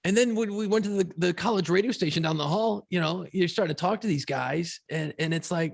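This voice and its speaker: A man's voice: sits high, fairly quick, creaky, few pauses. A man co-hosting a podcast, telling stories in a profane, fired-up casual chat. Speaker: podcast co-host.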